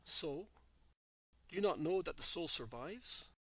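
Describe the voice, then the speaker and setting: A kind spiritual teacher speaks calmly and asks gentle questions, as a male reader takes his part. The voice is a little high and sounds dry and close. It is a plain storybook reading. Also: measured pace, husky, no echo, exaggerated voice, low-quality recording.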